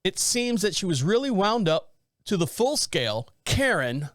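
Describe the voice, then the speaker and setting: Podcast host, male, high voice, close dry mic, rambling blunt storyteller. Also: sing-song, normal speed, dry recording. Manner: rambling, blunt, joking, reads a story aloud with asides. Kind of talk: casual storytelling commentary.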